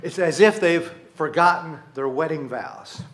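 Male pastor with a high voice, chatty sermon, corrects himself mid-sentence. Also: unhurried, a bit bright. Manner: conversational, with frequent restarts and self-corrections.

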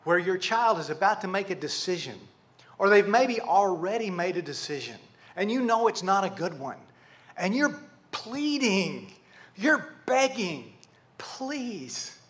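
A man preaching a sermon to a congregation, animated, asking rhetorical questions and speaking to them directly. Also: sits high, normal speed. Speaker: pastor.

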